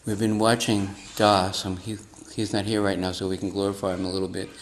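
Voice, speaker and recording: A man sharing a lively story and reflection with a devotional class over a video call. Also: low-pitched, brisk, a little hiss or hum. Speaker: class participant.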